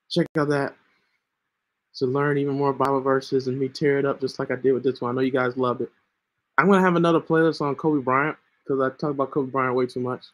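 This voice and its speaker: A man with a mid-range, somewhat bright voice hosts his own Christian podcast, earnestly teaching the Bible in a relaxed monologue. He often checks in with listeners by asking "right?" and is interrupted by coughing fits. He's using a home computer mic with screen sharing.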